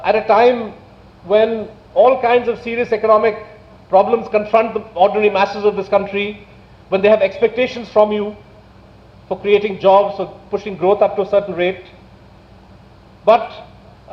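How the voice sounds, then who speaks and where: A man with an Indian English accent giving a public lecture, indignant and full of rhetorical questions, slowing down for emphasis. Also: sits high, fairly even intonation. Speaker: speaker at a public talk. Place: lecture hall. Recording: echoey hall, dull lo-fi sound.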